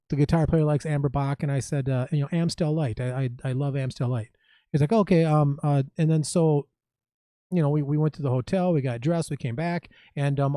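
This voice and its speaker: Musician guy on a podcast, kinda higher voice but mellow, lots of ums, dry sound. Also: clear, resonant tone, dry recording. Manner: halting, many ums and restarts. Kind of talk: casual chat.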